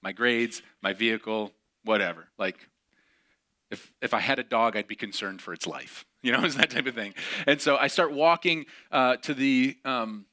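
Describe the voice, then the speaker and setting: A young man telling a personal story to a congregation, animated and acting out the quotes. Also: medium pitch, moderate pace. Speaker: speaker. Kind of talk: storytelling sermon.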